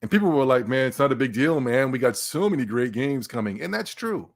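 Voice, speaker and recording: A man hosting a casual livestream podcast, excitable and stammering, talking to his live chat. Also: medium pitch, fairly quick. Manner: animated, excitable, repeats and stammers. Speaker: podcast host.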